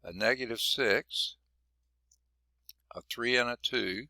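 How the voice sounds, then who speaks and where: A man's voice: medium pitch, takes it slowly, pushed and bright, no echo. A man teaching a math class in a folksy, chatty way, quizzing students and noting he is losing his voice. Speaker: math instructor. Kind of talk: classroom lecture.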